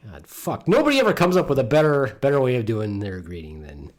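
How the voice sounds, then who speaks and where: A middle-aged man from Michigan hosts a podcast from his home studio. He rambles and jokes, swearing freely, and his pitch swings widely as he riffs. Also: sing-song, a little fast. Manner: rambling, profane, joking. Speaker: podcast host. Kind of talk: casual podcast banter.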